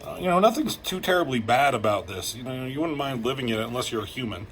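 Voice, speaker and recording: A man giving a casual, rambling comic book review, excited and swearing freely as he acts out lines. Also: mid-range voice, fast talker, a little hiss or hum, rough recording.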